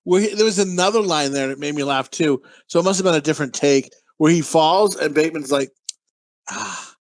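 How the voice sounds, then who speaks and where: A man with a somewhat high voice retells scenes from a comedy film, loose and profane. The sound is close and dry. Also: quick pace, dry recording. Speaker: podcast co-host. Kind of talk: comedic movie review chat.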